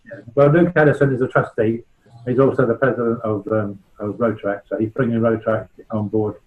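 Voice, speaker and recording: A man's voice: medium pitch, fairly even intonation, fairly quick, narrow, tinny audio. A man in his sixties with a West Country accent, a charity founder giving an informal talk to a club, chatty and anecdotal. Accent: West Country English. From West Country of England. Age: 60s. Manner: chatty and anecdotal, checking in with "right?".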